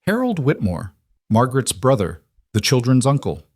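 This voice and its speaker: A man's voice: medium pitch, huge pitch swings, moderate pace, no echo, voice pushed up. A man playing a smug, wealthy middle-aged bully who talks bluntly and sneers. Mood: sneering. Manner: blunt, sneering, falsely sympathetic.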